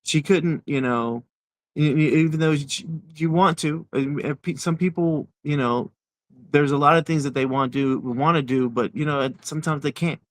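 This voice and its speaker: A man in his forties with a fairly high voice, recorded dry, tells his personal story as an interview guest. He speaks haltingly, repeating words as he goes.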